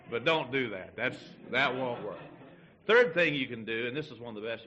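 A man's voice: medium pitch, expressive, moderate pace, pauses often, sharp tone, dull audio. A man preaching a folksy sermon to his church, acting out little everyday dialogues as he teaches. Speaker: pastor.

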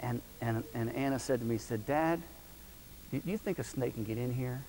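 A middle-aged man preaches in a folksy, animated way, rising to loud points and dropping to near-whispered storytelling. His voice sits at an ordinary pitch for a man. It rings with long reverb in a big hall, over a faint hiss. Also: normal speed. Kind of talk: sermon with storytelling.

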